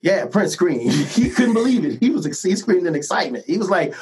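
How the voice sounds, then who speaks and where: A middle-aged man recounts his career as a musician in a relaxed interview. His voice sits a little high for a man, and he tells his stories with animation, often laughing and checking in with "right?" along the way. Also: a little fast, hardly any pauses, rough recording. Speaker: musician guest. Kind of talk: casual storytelling interview.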